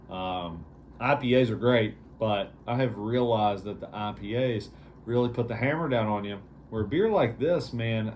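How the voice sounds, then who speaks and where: A man's voice: mid-range voice, darkish tone, a little hiss or hum. A man hosting a casual vlog review, talking in an easygoing, rambling way with lots of fillers. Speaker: beer reviewer, show host.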